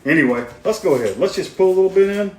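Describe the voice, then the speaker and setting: A man's voice: sits high, expressive, fast, breathy edge. A man, hosting a casual barbecue cooking video in a folksy, joking way outdoors. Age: 50s. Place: outdoors at a grill.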